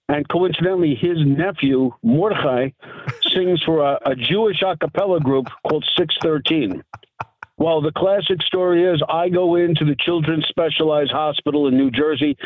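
A man's voice: on the high side, no echo. Middle-aged man, chatty guest storyteller, dry tinny phone-line sound. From New York. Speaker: guest, part-time Santa and lawyer.

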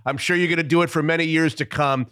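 Bright high-voiced radio host. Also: male voice, steady tone, fast, smooth, no echo. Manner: friendly, encouraging interviewer. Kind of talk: radio interview.

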